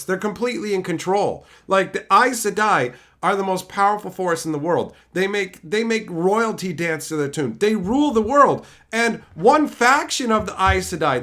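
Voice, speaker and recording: A male streamer talks casually to his chat, cursing freely as he rants. His voice sits a little higher than most men's. His pitch swings widely from line to line. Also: lively intonation, normal speed, hardly any pauses, fairly bright tone. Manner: profane, ranting, reacting to chat. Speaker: livestream host. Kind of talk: unfiltered livestream chat.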